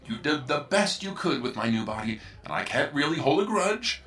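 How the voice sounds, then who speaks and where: A scheming ship computer from a cartoon, voiced by a man, oozes false friendship with huge leaps in pitch. His tone is bright and edged, and the voice sits a bit far from the mic. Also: sing-song, normal speed. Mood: fawning. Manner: oily, fawning, sinister.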